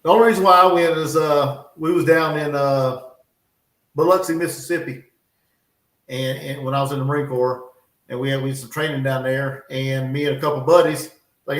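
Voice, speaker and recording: A man's voice: medium pitch, fairly even intonation, normal speed, a bit bright. A man hosting a live stream, chatting in an easygoing, rambling way. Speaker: stream host. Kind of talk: casual live-stream chat. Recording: roomy, off-mic sound.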